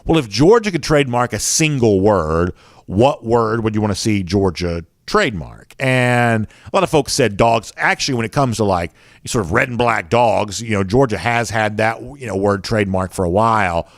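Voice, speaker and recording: A man's voice: fairly low pitch, lively intonation, moderate pace, no echo, clean studio sound. A man with a Southern accent hosting a sports show, chatting casually and reading viewer comments with lots of fillers. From American South.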